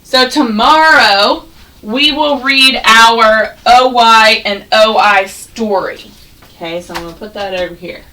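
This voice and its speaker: A woman teaching a first grade class, sounding out words slowly and praising the children. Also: on the high side, bright, forceful tone, far from the mic, poor audio. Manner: slow, exaggerated sounding out of words, encouraging. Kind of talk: classroom phonics and reading lesson.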